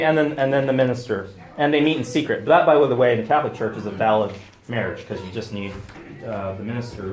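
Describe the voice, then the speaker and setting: A man, a deacon, giving a lively public talk, loud and excitable with many fillers and restarts. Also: mid-range voice. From United States. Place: restaurant event room. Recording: echoey room.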